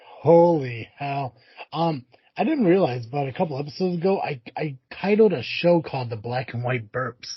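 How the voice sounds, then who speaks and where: Podcast co-host: a man with a husky voice, loose and profane, on a dull, muffled recording. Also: on the high side, expressive, normal speed, dry recording. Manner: loose, swearing, rambling with fillers. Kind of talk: casual chat.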